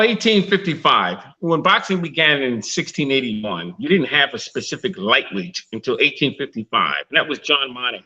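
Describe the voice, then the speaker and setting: A man's voice: mid-range voice, pushed and bright. A man on an online stream recounting boxing history, listing dates and fight records. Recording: dull lo-fi stream audio.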